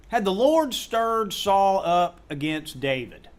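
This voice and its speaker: A man's voice: high-pitched, very animated, slow pace. A middle-aged man teaching a Sunday School Bible lesson. He talks animatedly, acts out biblical dialogue and quizzes the class.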